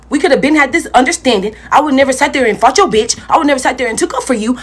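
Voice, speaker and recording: A woman's voice: sits high, breathy edge. A young woman telling a personal story casually into her phone, rambling and swearing and speaking straight to her viewers. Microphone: phone mic.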